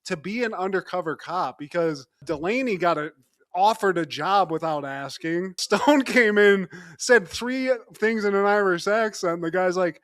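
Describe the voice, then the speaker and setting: A man's voice: high-pitched, animated, moderate pace, a bit bright, no room sound, clean studio sound. A man co-hosting a podcast, recapping a TV episode in casual chat, laughing often and talking straight to his co-host.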